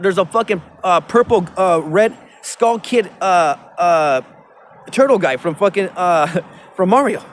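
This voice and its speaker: A man's voice: high voice, a little hiss or hum. A man rambling profanely into his phone outdoors by a river, with many restarts. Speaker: vlogger.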